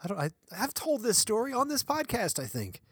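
A man's voice: very high voice, very animated, a little fast, fairly bright tone, breathy edge, no room sound, studio quality. A middle-aged man co-hosting a podcast, rambling through casual chat, self-mocking and laughing often. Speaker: podcast co-host.

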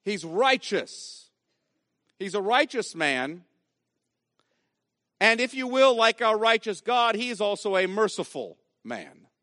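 A man's voice: high voice, big pitch swings, slow, long pauses, sharp tone, no room sound, studio quality. A man preaching a sermon as pastor, emphatic and repeating key phrases for weight.

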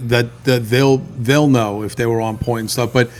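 A man's voice: mid-range voice, steady tone, moderate pace. A man who works as a band manager, talking bluntly in a casual chat and swearing freely.

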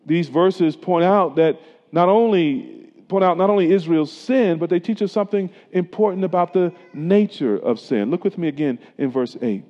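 A man's voice: sits high, moderate pace, darkish tone. A middle-aged man preaching a sermon as a pastor, in a conversational style that weaves in personal stories. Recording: dull lo-fi sound with long hall reverb.

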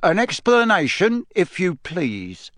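A man putting on a stern pompous official, high voice. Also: huge pitch swings, slow, a bit bright, no room sound, studio quality, heavily acted. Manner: stern, interrogating. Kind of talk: reading aloud from a novel.

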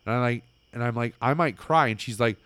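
Casual-chat male storyteller, excitable and rambling, smooth dry sound. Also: mid-range voice, a little fast, no room sound.

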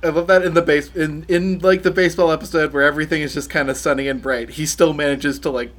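A man's voice: a little high, steady tone, fast, fairly bright tone. A man co-hosting a casual podcast, tossing in wry, blunt asides. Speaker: podcast co-host.

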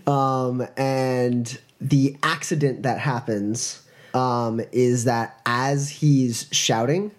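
A man narrating as game master of a tabletop role-playing game, relaxed and chuckling, with many fillers. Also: medium pitch, very slow.

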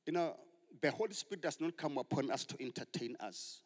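A man from South Africa preaching a sermon as a pastor, swinging from loud exhortation to soft whispers. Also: medium pitch, expressive, a little fast. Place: church hall. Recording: church hall with long reverb.

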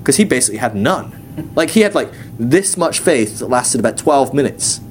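A man's voice: medium pitch, animated, normal speed, a little hiss or hum. A man teaching a casual, joking sermon at a ministry school, acting out the voices of people he quotes.

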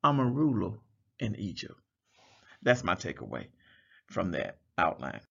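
A man's voice: deep voice, wildly swooping pitch, unhurried, gravelly, fairly bright tone, breathy edge, dull audio. A man preaching a Bible study sermon, reading scripture aloud and explaining it, drawing out words for emphasis.

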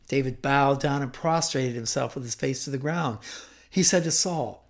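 A preacher retelling a story in a sermon, drawing it out and dropping to a hush for suspense. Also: male voice, a little high, animated. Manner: vivid, slows to a hush for suspense.

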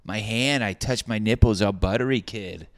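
A man putting on a loud, crude young Boston local with a thick Boston accent. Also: lowish voice, moderate pace, no echo, clean studio sound, close to an everyday voice. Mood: rowdy.

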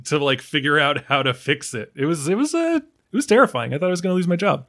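A male podcast co-host from New York in loose conversation. His voice sits a bit high and swings widely in pitch. He tells his anecdotes with plenty of animation and little voiced asides. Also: quick pace. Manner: animated storyteller, acts out quoted dialogue. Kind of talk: casual chat.

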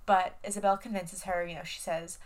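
A woman's voice: fairly low pitch, little pitch movement, brisk. A young woman co-hosting a casual podcast, rambling through a recap with filler words and playful swearing. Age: young adult. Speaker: podcast co-host. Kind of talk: casual chat.

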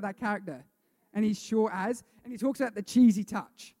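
Male pastor, high voice, chatty sermon delivery with a hall echo. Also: moderate pace, warm tone. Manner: chatty, repeats himself, asks the congregation questions. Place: church hall with a congregation. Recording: long reverb of a church hall.

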